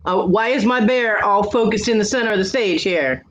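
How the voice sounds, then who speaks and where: A man's voice: high voice, fairly bright tone. A man co-hosting a casual live stream chat, cracking jokes and teasing his co-hosts. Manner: wisecracking, quick with jokes. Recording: dull lo-fi stream audio.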